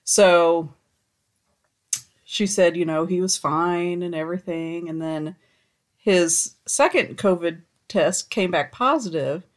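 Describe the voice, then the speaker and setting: Woman co-host, lowish voice, casual storytelling, laughs often. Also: slow. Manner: laughs often while telling stories. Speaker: podcast co-host.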